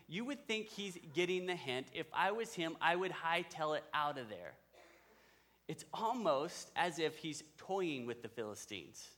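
A man's voice: fairly high pitch, a bit bright. A man preaching a sermon, retelling a story in a conversational way and speaking directly to the men in his audience. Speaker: pastor.

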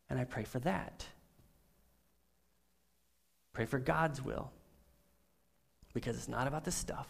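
A middle-aged man preaching a sermon as a pastor, telling stories with animation and swinging from soft to loud. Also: medium pitch, takes it slowly, vocal fry, pauses often, slightly rough.

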